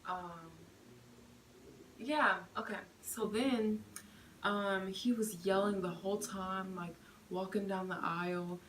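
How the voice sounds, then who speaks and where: A young woman vlogger chatting through a storytime, full of fillers and animated retelling. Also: mid-range voice, takes it slowly, slight background noise, rough recording. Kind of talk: storytime vlog.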